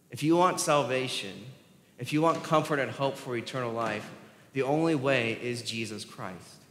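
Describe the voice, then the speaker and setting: A man's voice: medium pitch, fairly bright tone. A male pastor, preaching a sermon in a conversational style that rises for emphasis. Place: church sanctuary. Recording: echoey hall reverb.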